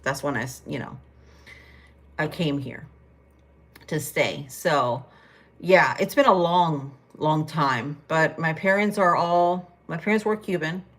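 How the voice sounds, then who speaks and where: A woman's voice: low-pitched, slow. Chatty woman in a home kitchen. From Spain. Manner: chatty, rambling, with many fillers. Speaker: livestream host. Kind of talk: casual livestream chat while cooking.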